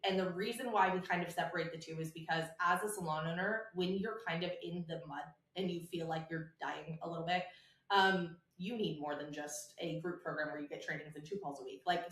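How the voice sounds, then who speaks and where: Lowish-voiced chatty woman, echoey room. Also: brisk, a bit bright. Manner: bubbly, chatty, swears freely. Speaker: guest, salon business coach. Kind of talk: casual podcast interview.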